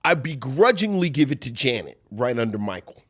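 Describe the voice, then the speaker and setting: Male podcast co-host, highly animated pitch, playful and dug-in, stumbling restarts. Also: brisk. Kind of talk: casual chat on a live video podcast.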